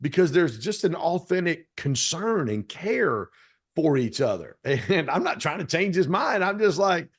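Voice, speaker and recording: A man's voice: on the high side, unhurried, husky. A man from Detroit hosting a podcast, chatting casually with guests. His voice rises and falls a lot as he tells stories and plays out conversations. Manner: animated storyteller, acts out quoted lines. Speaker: podcast host. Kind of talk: casual interview chat.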